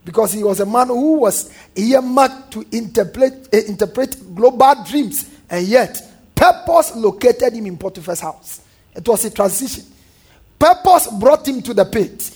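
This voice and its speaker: A male pastor delivers a lively sermon. His voice sits high and sounds husky. He often turns to the congregation with call-and-response and mimics what scoffers say. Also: a little slow.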